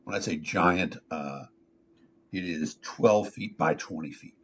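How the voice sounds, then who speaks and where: A man's voice: deep voice, slow pace, slight background noise. A man hosting a casual talk show, telling stories in a rambling way full of fillers and restarts. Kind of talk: casual chat, storytelling.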